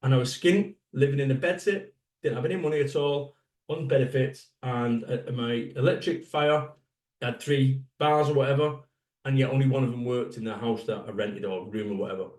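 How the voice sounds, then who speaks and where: A man's voice: mid-range voice, moderate pace, darkish tone. Blunt man giving a fired-up keynote. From Salford, England. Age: 50s. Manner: blunt, swearing, punchy rhetorical questions. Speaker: motivational speaker. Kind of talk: motivational keynote speech. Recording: echoey hall, voice from a distance.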